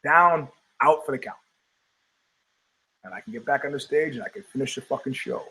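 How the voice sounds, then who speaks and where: A man's voice: mid-range voice, normal speed, breathy edge. An older man hosting a talk show, ranting in a casual, profane way and acting out the voices of people in his stories. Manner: animated storytelling, acting out quoted voices, profane. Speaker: podcast host.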